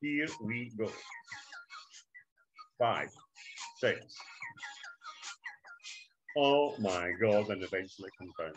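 A man teaching a trading setup on screen, talking like a hyped salesman who keeps calling out to "ladies and gentlemen". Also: fairly low pitch, animated, takes it slowly, long pauses, muffled recording. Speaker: trading instructor. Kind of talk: screen-share trading walkthrough. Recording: music bed behind voice.

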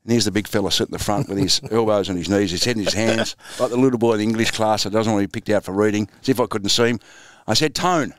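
A man's voice: lowish voice, steady tone, rapid-fire, hardly any pauses, a little hiss or hum. An Australian man in his sixties, a former footballer and coach, telling anecdotes in a laid-back, chuckling interview style. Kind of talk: storytelling interview.

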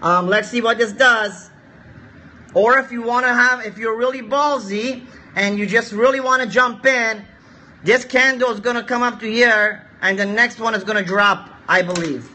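A man with a high, bright voice walks viewers through currency charts on a live stream. He repeats his points and keeps coaxing the audience to share the feed. His tone is crisp and forward, with a raised pitch. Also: normal speed. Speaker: forex trading streamer. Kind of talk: live-stream market analysis.

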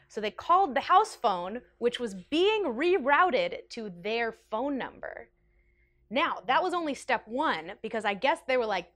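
Animated young woman telling a story. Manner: animated, self-mocking, jumps up in pitch for quoted voices. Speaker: YouTube storyteller. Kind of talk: casual storytime vlog.

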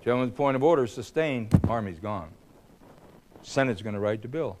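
An older man giving a public speech, telling a story in a blunt, combative way, swinging between loud bursts and low remarks. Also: expressive, fairly quick, a little hiss or hum. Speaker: speaker. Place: hall.

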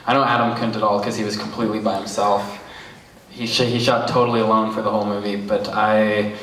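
A man, an actor, answering questions haltingly with self-deprecating remarks. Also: fairly low pitch, little pitch movement, a bit bright, a little hiss or hum. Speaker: actor in the film. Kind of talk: live Q&A answers. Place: cinema hall after a screening. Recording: roomy, distant mic, faint ambience.

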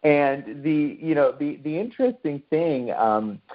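A man's voice: on the high side, lively intonation, unhurried, phone-quality sound. A man from the United States giving a conversational online talk to a remote audience, often posing questions to his listeners. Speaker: lecturer.

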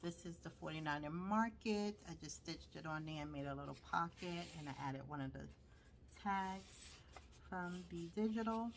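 A woman's voice: on the low side, moderate pace, a little hiss or hum. A woman with a Brooklyn accent showing her handmade journals, chatting casually and rambling with lots of fillers. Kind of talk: casual show-and-tell.

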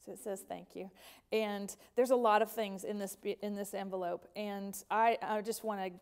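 A woman hosts a craft show and chats her way through viewers' fan mail. She sounds gushing and enthusiastic, with a voice of middling pitch for a woman. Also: fairly even intonation, moderate pace, smooth. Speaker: host of a craft company show. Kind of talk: casual chat reading out fan mail.

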